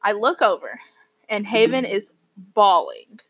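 A woman's voice: mid-range voice, big pitch swings, a little slow, breathy edge, low-quality recording. A teenage girl co-hosting a casual group podcast, telling stories dramatically and acting out the dialogue she quotes. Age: teens. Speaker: podcast co-host, high school student. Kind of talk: casual group chat, storytelling.

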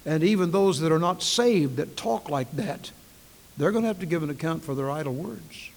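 A man preaching a sermon as pastor, emphatic, swinging between hushed and loud passages. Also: fairly high pitch, animated, brisk, big-room sound.

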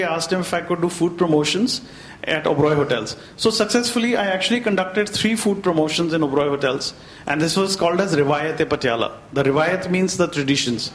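High-voiced Indian man telling stories. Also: roomy sound, slight background noise, poor audio. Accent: Indian English. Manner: chatty, mixes in Hindi phrases. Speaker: chef on a festival panel. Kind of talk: anecdotal storytelling.

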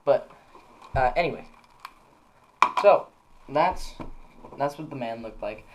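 Young male podcast co-host, loose rambling storyteller, mid-pitched, faint noise floor. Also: lively intonation, takes it slowly. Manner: rambling storyteller, lots of fillers and restarts. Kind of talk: casual chat.

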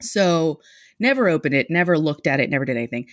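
Lively, self-mocking woman telling a funny story. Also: sits low, quick pace, no echo, clean studio sound. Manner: animated, self-mocking, laughs mid-sentence. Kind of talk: comic personal storytelling to a live audience.

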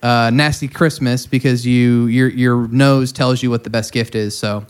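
Male podcast co-host, crude riffing comedian, clean smooth tone. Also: mid-range voice, fairly even intonation, measured pace. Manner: raunchy, jokey riffing.

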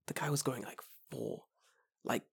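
Man in his twenties, dry animated storytelling. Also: mid-range voice, normal speed, gravelly, breathy edge, no echo. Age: 20s. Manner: animated storyteller, swears freely, acts out quotes. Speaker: podcast co-host. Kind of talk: casual chat.

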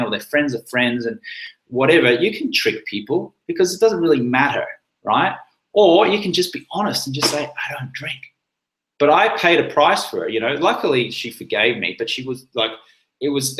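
A man's voice: mid-range voice, fairly bright tone, echoey room, poor audio. A man hosting a live chat, telling a personal story in a rambling, casual way with many fillers and restarts. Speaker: livestream host.

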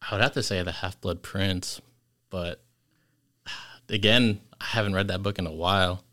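Deep-voiced young man, bright and hesitant. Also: fairly even intonation, normal speed. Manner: hesitant, mumbling, laid-back. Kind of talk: casual chat.

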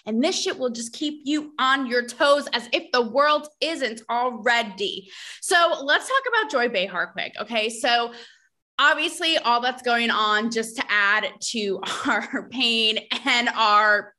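A woman hosting a podcast, talking in a casual, gossipy and animated way, full of sass and asides to her listeners. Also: a little high, takes it slowly. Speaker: podcast host. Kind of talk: casual chat.

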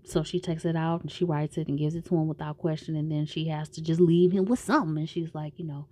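Mellow-voiced woman recapping a show. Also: deep voice, steady tone, fast talker, hardly any pauses. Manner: slangy, profane, rambling storyteller.

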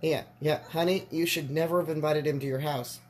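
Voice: medium pitch, steady tone, brisk, slight background noise. A podcast host giving a casual, exclamation-filled reaction commentary, laughing and repeating phrases. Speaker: podcast host reacting to a short horror film.

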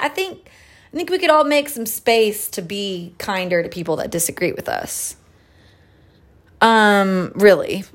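A woman's voice: medium pitch, lively intonation, a little slow. A young woman hosting a casual podcast, talking candidly with lots of swearing, fillers and laughs. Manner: profane, loose and candid; chatty with frequent fillers and laughs. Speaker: podcast host. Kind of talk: casual chat.

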